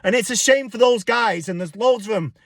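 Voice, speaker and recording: A man's voice: high-pitched, brisk, creaky, no room sound, clean studio sound. A man ranting on his vlog in a blunt, profane, defiant way. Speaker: spiritual vlogger. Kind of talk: casual ranting monologue.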